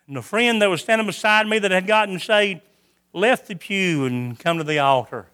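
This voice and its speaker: Bright, high-voiced folksy preacher man. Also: normal speed, clean tone. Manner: folksy, repetitive storytelling. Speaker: preacher giving his testimony. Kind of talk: sermon testimony.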